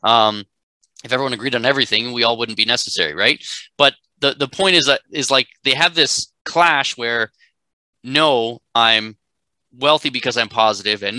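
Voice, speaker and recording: A man's voice: mid-range voice, bright, forceful tone, dry recording, low-quality recording. A man teaching a live class, emphatic and conversational, often checking in with "right?". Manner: emphatic, keeps asking "right?". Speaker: instructor.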